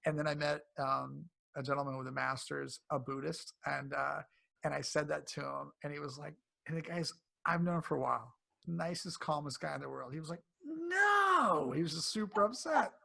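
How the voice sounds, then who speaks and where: A man talks casually as an interview guest, slipping into animated voices for the people he quotes. His voice has a gravelly, fry-edged texture and sits a touch high for a man. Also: a little fast. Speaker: cancer coach guest.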